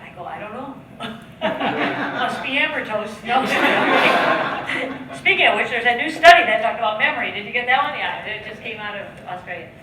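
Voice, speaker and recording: A woman in her fifties from the United States giving a jokey, chatty seminar talk to a live audience, often laughing at her own lines. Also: medium pitch. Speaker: guest speaker and trainer. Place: large hall with an audience. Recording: echoey hall, distant mic, audience noise.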